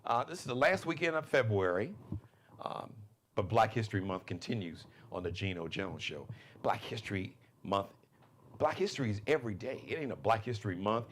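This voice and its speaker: A man's voice: lowish voice, a little fast, slight background noise. A man hosting his own live talk show, delivering a loose, laughing monologue. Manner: animated, laughing, loose and conversational. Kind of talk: live monologue, casual commentary.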